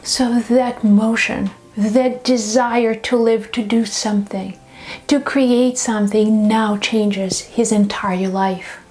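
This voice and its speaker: Woman spiritual teacher, storytelling, a touch high, dips into whispers. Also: fairly even intonation, slow pace, darkish tone. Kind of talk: storytelling talk.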